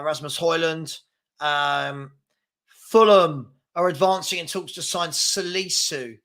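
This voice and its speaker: A man's voice: fairly high pitch, pushed and bright. A man hosting a live football fan stream, chatting loosely and reading out viewer comments, with plenty of fillers and restarts. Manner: rambling, with fillers and repeated words. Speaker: fan channel host.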